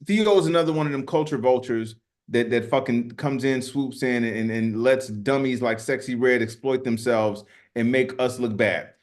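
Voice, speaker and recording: A man's voice: medium pitch, normal speed, few pauses. A man co-hosting a podcast, delivering heated, profane political commentary and repeating words as he gets worked up. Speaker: podcast co-host.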